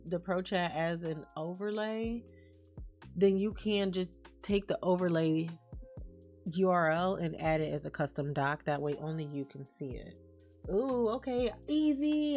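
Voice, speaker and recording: A woman streaming live, chatting casually and reading out and answering messages from her chat. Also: fairly low pitch. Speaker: livestreamer.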